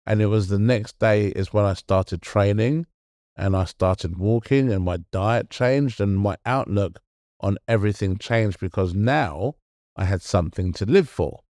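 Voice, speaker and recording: A middle-aged man speaks in an earnest, halting way, often restarting his sentences as he talks things through. His voice sits fairly low. The recording is dry and close, with no room sound. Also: darkish tone, dry recording. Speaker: podcast co-host. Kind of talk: casual chat.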